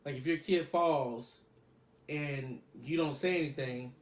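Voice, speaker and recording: A man's voice: a little high, measured pace, roomy sound. A man co-hosting a casual podcast chat, explaining his points through everyday examples. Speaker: podcast co-host.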